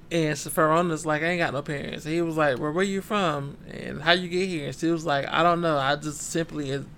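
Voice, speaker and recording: A man's voice: a little high, creaky, a bit bright, slight background noise. A man co-hosting a casual book-club podcast, retelling a story in laid-back slang and acting out the characters' lines. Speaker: podcast co-host.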